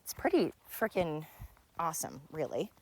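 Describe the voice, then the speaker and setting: A young woman, hosting her podcast in a chatty, excitable ramble while out of breath from walking uphill outdoors. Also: sits low, moderate pace, background noise. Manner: chatty, excitable, says frickin' a lot. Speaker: podcast host. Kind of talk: casual rambling monologue.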